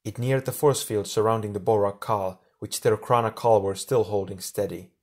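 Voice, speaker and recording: Low-voiced male audiobook narrator. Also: steady tone, normal speed, a little mellow. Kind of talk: scripted narration.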